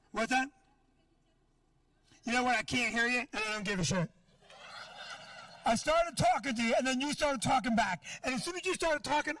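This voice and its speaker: A man's voice: extremely high pitch, pushed and bright, no room sound, distant mic. A middle-aged man doing a stand-up set, ranting in a brash, profane way at the crowd. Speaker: stand-up comedian.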